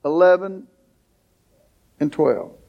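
A man preaching a sermon as pastor, building to emphatic questions and drawn-out lines. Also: on the high side, gravelly, dull audio. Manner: preaching, rising to emphatic questions, slow deliberate phrasing.

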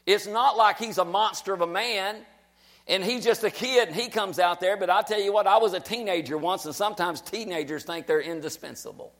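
Emphatic high-voiced preacher. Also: male voice, a little fast, fairly bright tone. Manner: emphatic, repetitive exhortation. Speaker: pastor. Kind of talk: sermon.

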